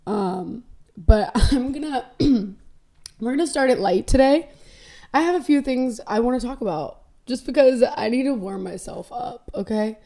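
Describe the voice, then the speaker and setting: Young woman, podcast host, mellow dark tone, rambling candid monologue, self-mocking asides. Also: a little high, lively intonation, measured pace. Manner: rambling and candid, jumping between topics with self-deprecating jokes. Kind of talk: casual solo podcast monologue.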